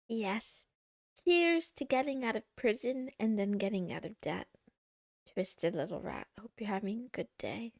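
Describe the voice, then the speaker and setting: A young woman streaming from home, chatting casually with her viewers in a playful way, with the odd meow and high squeals when she gets excited. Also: vocal fry, no echo, studio quality. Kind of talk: casual chat with live chat.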